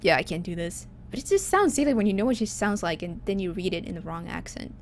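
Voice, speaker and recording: A woman's voice: on the low side, animated, fast talker, slight background noise. A woman streaming a video game, chatting casually with a giggly, self-mocking manner. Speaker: gaming streamer. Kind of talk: casual let's-play commentary.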